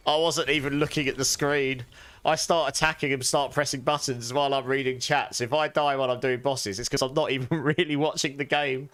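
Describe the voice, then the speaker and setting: Bright-voiced, chatty male streamer. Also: mid-range voice, dry recording, clean studio sound. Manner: chatty, greets viewers, laughs often. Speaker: game streamer. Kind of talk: casual live stream chat while gaming.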